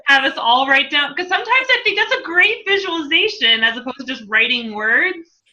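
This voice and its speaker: This is a woman hosting a relaxed interview, her voice bright and forward. She is effusive and encouraging and leans into every answer. The audio is dull and lo-fi. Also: sits high. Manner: effusive and encouraging, quick to gush. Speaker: host interviewing a new coach. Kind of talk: casual interview.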